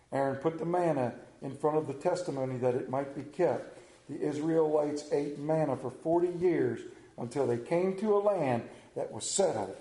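Homespun pastor preaching in an echoey church. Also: male voice, mid-range voice, warm tone. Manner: homespun, joking asides. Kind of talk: sermon with scripture reading and prayer.

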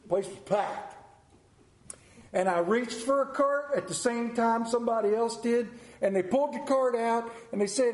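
In an echoey room, a man preaches a folksy sermon built on storytelling. He speaks animatedly, then drops his voice low and slow for emphasis.

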